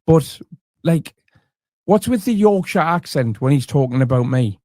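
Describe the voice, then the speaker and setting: Guy, middle-aged, sardonic reaction host; slightly high voice, dead dry room. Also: animated, unhurried, a little mellow, dry recording. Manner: dry, sarcastic asides. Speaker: commentary host. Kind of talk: comedic reaction commentary. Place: home room.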